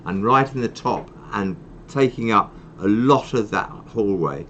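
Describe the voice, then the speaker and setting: An older man hosts a casual live stream, telling long rambling stories and teasing himself. His voice sits on the low side. He speaks with easy, self-mocking humour. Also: animated, unhurried, a bit bright, dull audio, slight background noise. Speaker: charity host.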